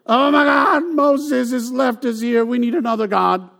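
A man plays a crowd of ancient wanderers who wail their complaints in high, strained voices. They whine melodramatically and are always sure they are doomed. The voice is pushed up loud and thin, close to a shout. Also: steady tone, normal speed, creaky, heavily acted. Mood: panicked. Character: whiny grumbling ancient wanderers, dramatic complainers.

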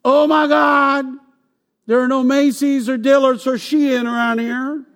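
A man plays a crowd of ancient wanderers who wail their complaints in high, strained voices. They whine melodramatically and are always sure they are doomed. The voice is pushed up loud and thin, close to a shout. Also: level tone, unhurried. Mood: whining. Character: whiny grumbling ancient wanderers, dramatic complainers.

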